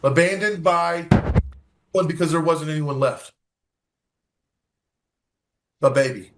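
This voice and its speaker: A man's voice: a little high, moderate pace, a bit bright. A man, a guest from a recovery organization, telling an earnest story in an interview, acting out dialogue and often restarting his sentences.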